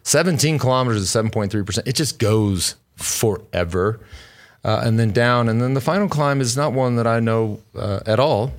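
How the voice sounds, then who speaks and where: A man's voice: mid-range voice, normal speed. A man co-hosting a casual cycling podcast, a former pro rider who talks bluntly, swears freely and rambles through restarts. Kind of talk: casual chat.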